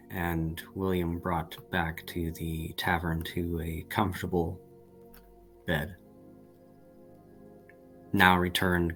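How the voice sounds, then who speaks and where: A man narrating scenes as game master in a measured, calm way. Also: sits low.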